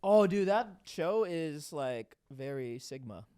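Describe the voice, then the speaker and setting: A man's voice: a little high, lively intonation, slow, dark tone, clean tone. A young man co-hosting a podcast, casual and laid-back with slangy banter. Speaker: podcast co-host. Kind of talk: casual chat.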